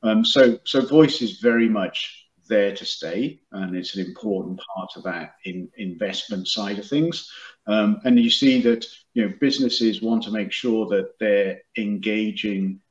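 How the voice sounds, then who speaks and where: Low-voiced man in an echoey room. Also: a little slow. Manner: explanatory, many fillers and restarts. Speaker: guest, product and marketing executive. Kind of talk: business interview. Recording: echoey room, dull lo-fi sound.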